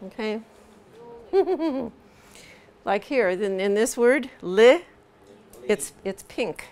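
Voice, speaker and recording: A woman teaching English pronunciation in a live lesson, patiently drilling vowel sounds slowly over and over. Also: on the high side, lively intonation, a little mellow.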